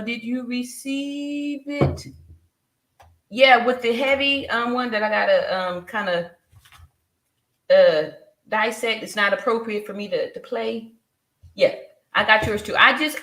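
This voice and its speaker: A woman's voice: mid-range voice, a bit bright, echoey room. A woman in her fifties hosting a casual live stream, greeting viewers by name, reading their comments aloud and laughing often. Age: 50s.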